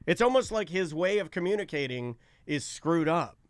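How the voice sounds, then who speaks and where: A man's voice: on the high side, animated, normal speed, no echo. A man co-hosting a casual talk show, telling rambling, self-mocking stories. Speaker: radio show co-host. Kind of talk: casual chat.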